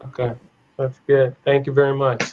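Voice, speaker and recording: A man teaching an online English class on idioms, playful, laughing often and repeating phrases slowly. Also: medium pitch, flat delivery, phone-quality sound, a little hiss or hum. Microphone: video call.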